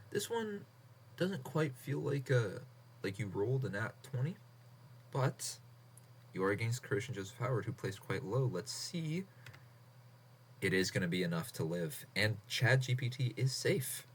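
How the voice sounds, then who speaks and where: A man with a somewhat low voice hosts a casual stream and reads contest entries and results aloud. He laughs often and swears in passing. A faint hiss sits under his home mic. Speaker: host of an online writing contest.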